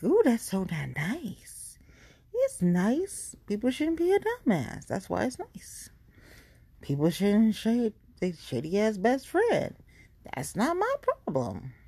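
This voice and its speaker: Woman podcaster, blunt and profane, warm low voice, dry close sound. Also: no echo. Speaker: podcast host. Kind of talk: casual ranting monologue.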